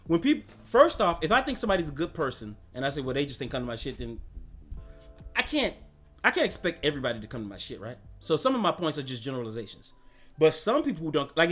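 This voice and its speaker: A man's voice: sits high, a bit bright. A man hosting a casual livestream chat, talking in a slangy, rambling way and laughing often. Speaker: host.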